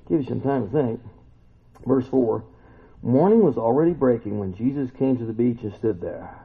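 A man teaching the Bible in a relaxed, conversational way, folksy and animated, often turning to ask his listeners questions. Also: medium pitch, breathy edge. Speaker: preacher. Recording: tinny phone-like sound.

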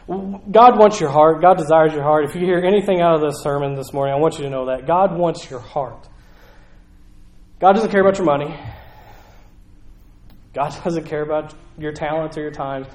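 A man with a Southern US accent preaching a sermon in a conversational, animated way. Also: fairly high pitch, reverberant. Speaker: pastor.

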